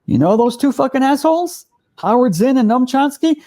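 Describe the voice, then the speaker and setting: A man's voice: very high voice, expressive, brisk, mellow. An older man in casual reaction chat, ranting with profanity and repeating his words. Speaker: co-host.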